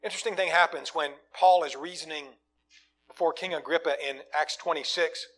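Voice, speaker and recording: A man preaching a sermon, swinging from loud, emphatic lines to quiet, low asides. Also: fairly even intonation, brisk.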